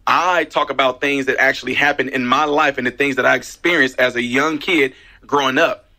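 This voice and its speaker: A man, a minister hosting a talk radio show, telling his story in a casual, animated way with emphatic repeats. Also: mid-range voice, brisk. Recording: radio broadcast.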